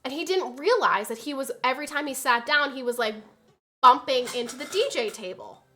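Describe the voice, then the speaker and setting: In brisk, relaxed storytelling, a young female streamer shares a personal anecdote. She has a bright, somewhat high voice with a sharp edge, curses without hesitation, and performs other people's words loudly and with gusto.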